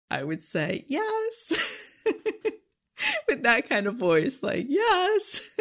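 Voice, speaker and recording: A woman's voice: mid-range voice, a bit bright. A middle-aged woman hosting a podcast in a casual, emphatic way, often asking "okay?" and laughing. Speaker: podcast host. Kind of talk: casual solo podcast talk.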